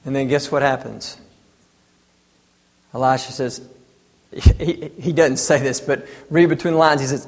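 A man's voice: mid-range voice, steady tone, a little slow, long pauses, big-room sound. A man in his thirties preaching a sermon, asking rhetorical questions and pressing his points with emphasis. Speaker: pastor.

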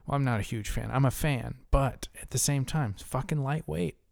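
A man's voice: mid-range voice, a little fast, gravelly, a little mellow, dry recording, clean studio sound. A man co-hosting a casual podcast, ranting with heavy profanity. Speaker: podcast co-host.

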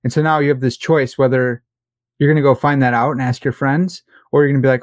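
A man's voice: medium pitch, fast talker, dry recording, studio quality. A man co-hosting a casual podcast chat, talking animatedly and acting out quoted people. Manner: animated, acts out quoted voices. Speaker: podcast co-host.

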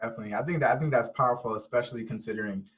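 A man's voice: medium pitch, racing, a bit bright. A man hosting a casual talk, answering his guest with brief, agreeable replies. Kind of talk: casual chat. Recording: dull lo-fi sound.

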